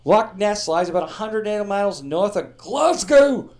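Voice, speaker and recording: A man's voice: high voice, sing-song, moderate pace, darkish tone. A man hosting a podcast, telling comedic history stories with a profane, joking delivery. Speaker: podcast host.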